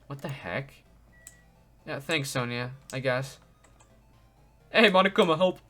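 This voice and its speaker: A man doing let's play commentary, excitable and loud, often laughing and reading the game's dialogue aloud. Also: mid-range voice, unhurried, long pauses, faint music behind. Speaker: gaming video creator.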